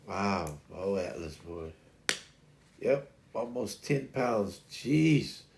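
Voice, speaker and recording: Gravelly rambling livestream host man. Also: lowish voice, expressive, extremely slow, a little mellow, a little hiss or hum. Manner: rambling with many restarts. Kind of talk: casual livestream chat.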